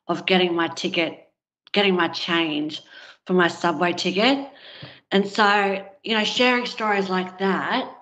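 A woman in her thirties speaks as an interview guest, recounting a story candidly with plenty of fillers. Her voice sits a little low. The recording sounds slightly dull and lo-fi. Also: a bit bright. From Australia. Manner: candid, conversational, frequent fillers.

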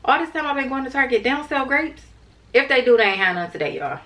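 A woman's voice: high-pitched, animated, fast, fairly bright tone. A young woman vlogging in a casual, rambling way, tired and chatting to her viewers as "y'all". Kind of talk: casual vlog chat to camera.

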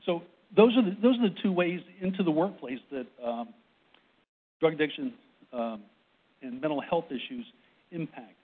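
A man's voice: on the high side, normal speed, long pauses, slightly rough. Breathless man, tinny presentation audio. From Boston. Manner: repetitive restarts, frequent "right?" checks. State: short of breath. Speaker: presenter on a panel. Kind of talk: workplace presentation talk. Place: conference room with audience. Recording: tinny phone-like recording.

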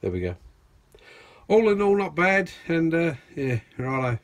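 An Australian man with a somewhat high voice talks to his phone camera outdoors. His chat is excitable and blokey, full of "righto" and "mate". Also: measured pace, dry recording. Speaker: metal detecting channel host. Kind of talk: casual outdoor vlog chat. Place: outdoors at a dig site.

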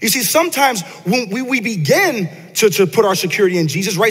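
A man's voice: high-pitched, sing-song, quick pace, few pauses, slightly rough. A man preaching a casual, conversational sermon to his congregation, often repeating words and asking them questions. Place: church sanctuary. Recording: long church hall reverb.

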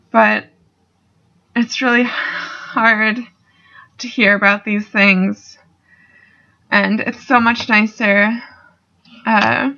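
This student vlogger is a young woman with a sharp-toned voice on the high side. She chats loosely in a video response, swearing casually and padding with fillers, and grows a little emotional. The audio is dull and low quality.

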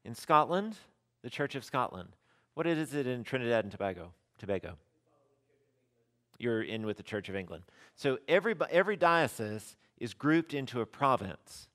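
A man teaching a parish class, talking in a loose, conversational way. He keeps checking in with his listeners, repeats the terms he wants them to learn, and asks them questions as he goes. His pitch sits in a middle register. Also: fairly bright tone. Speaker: rector teaching a church class. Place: church classroom.

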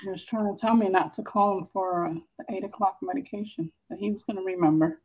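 A woman's voice: medium pitch, steady tone, fast talker, darkish tone, poor audio. A woman chatting casually on a live stream, telling easygoing rambling stories. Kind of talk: casual chat.

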